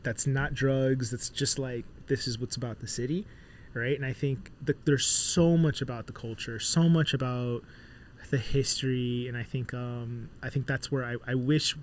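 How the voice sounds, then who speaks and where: A man who is a musician guest on a casual podcast, telling animated stories and acting out bits of dialogue, with lots of filler words. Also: mid-range voice, normal speed, slight background noise. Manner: animated storyteller, acts out dialogue, many fillers.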